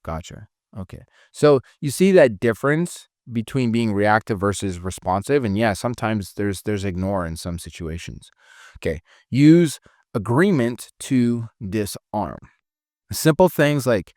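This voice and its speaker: A male sales coach with a low voice talks through his lesson loosely and conversationally, full of fillers. The recording is close and dry. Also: animated, a little slow, darkish tone, dry recording. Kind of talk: casual teaching talk.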